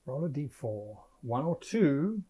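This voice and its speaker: A man's voice: mid-range voice, sing-song, mellow, husky. A man narrating a tabletop game as game master, describing scenes vividly and with dry jokes. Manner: drawn-out, vividly descriptive, dryly joking.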